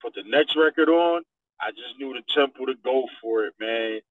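Male DJ guest, animated storyteller, dry tinny phone-like sound. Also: mid-range voice, normal speed, no room sound. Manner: animated storyteller, acts out quotes. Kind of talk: radio interview.

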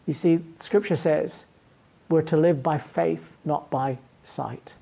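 A woman's voice: deep voice, slow, vocal fry, dark tone, breathy edge. A woman pastor giving an earnest sermon, often restarting and repeating words.

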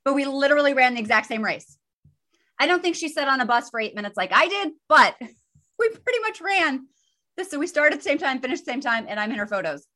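A woman with a slightly high voice chatting on a podcast. She tells stories in an animated, self-deprecating way, with a relaxed conversational flow. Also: quick pace. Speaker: podcast co-host. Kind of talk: casual chat.

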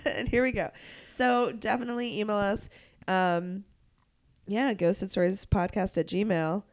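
A woman co-hosting a podcast, talking casually while stuffed up with a cold, chatty and quick to laugh at herself. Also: medium pitch, steady tone. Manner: giggly, chatty, self-mocking. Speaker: podcast co-host. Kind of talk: casual chat.

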